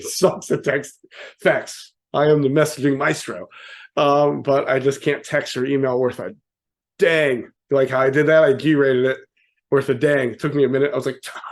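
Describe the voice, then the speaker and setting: A man giving a casual, joking motivational talk to an audience, often asking "right?" and acting out quotes with sudden voice changes. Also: on the high side. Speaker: motivational speaker.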